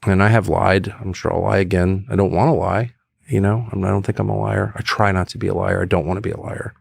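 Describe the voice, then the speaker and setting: A man in his fifties, appearing as a guest in a conversational interview, tells stories and acts out quotes with animated energy. His voice is low, gravelly, and husky, and he speaks quickly.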